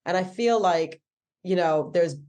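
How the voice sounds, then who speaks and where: A woman's voice: fairly low pitch, measured pace, a little mellow. A woman in her thirties with an American accent, a stand-up comedian chatting casually in an interview, full of "like"s and self-corrections. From England. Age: 30s.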